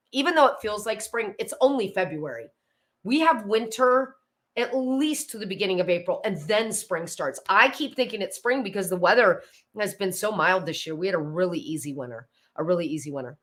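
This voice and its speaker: A woman's voice: mid-range voice, expressive, brisk. A woman, chatting casually on a live stream, greeting viewers by name and wandering into tangents. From Pennsylvania, USA. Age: 50s. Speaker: host of a live decluttering stream. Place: home, indoors.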